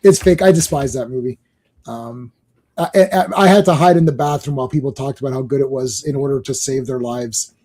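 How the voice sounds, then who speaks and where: A middle-aged podcast co-host tells rambling stories in a relaxed conversation, laughing often. He's animated, with a mid-range voice and a brisk pace.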